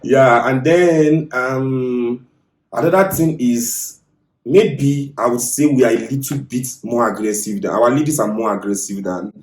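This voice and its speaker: Nigerian man, podcast guest, lively anecdotes, roomy echo. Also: mid-range voice, unhurried. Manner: animated storyteller, repeats himself. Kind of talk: casual podcast chat. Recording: echoey room.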